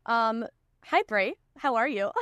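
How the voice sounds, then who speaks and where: A woman's voice: fairly high pitch, a little slow, a bit bright, no echo. A young woman hosting a podcast in casual chat, talking with lots of "like" fillers. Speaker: podcast host.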